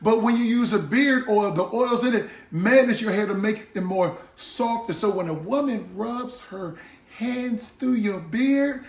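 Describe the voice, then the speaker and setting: In a jokey, casual vlog to camera, a man promotes his own beard oil and acts out little scenes. His voice sits high and he talks a little slowly, with a roomy sound to the recording.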